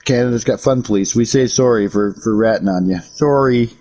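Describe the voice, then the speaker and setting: The audio is dull as an American man speaks briskly in a mid-range, slightly mellow voice. He's livestreaming a game, chatting casually with viewers and joking and swearing in profane banter with chat.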